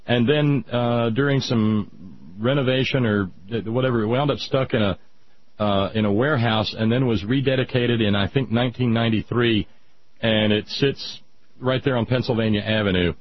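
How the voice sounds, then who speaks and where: A man hosting casual radio talk who rants loudly and slips into nerdy asides. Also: mid-range voice, moderate pace. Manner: ranting, animated, nerdy asides. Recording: dull lo-fi radio sound.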